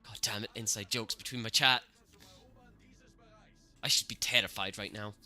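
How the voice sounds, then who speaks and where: A man streaming gameplay, reacting excitably to the match and talking to his chat, cursing at the game. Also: on the low side, normal speed, faint music behind. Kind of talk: live gameplay commentary.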